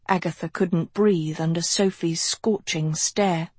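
A woman with a mid-range voice reads an audiobook, narrating from a script in a measured, even storytelling style. There's no room sound on the recording.

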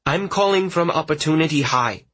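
Audiobook role: man doing a measured, husky-voiced teen boy, pitched up, every word carefully articulated. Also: lively intonation, fairly bright tone. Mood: tense but calm. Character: calm, careful teenage boy on an emergency call. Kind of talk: audiobook character voice.

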